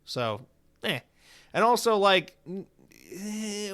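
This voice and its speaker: A man hosting a casual solo podcast, talking in an animated, profane and sarcastic way with lots of filler words. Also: high-pitched, a little slow, smooth. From United States. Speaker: podcast host.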